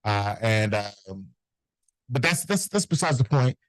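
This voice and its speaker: A middle-aged man, a notary business owner, telling animated, profane anecdotes in a casual interview and acting out the people in them. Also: mid-range voice, a little slow, no room sound, poor audio.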